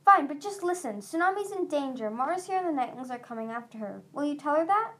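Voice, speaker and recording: A woman's voice: sits high, animated, fairly quick, fairly bright tone, pitched above the performer's own voice. A woman voicing an earnest, anxious young male dragon in a storybook reading, speaking urgently and a bit lecturing.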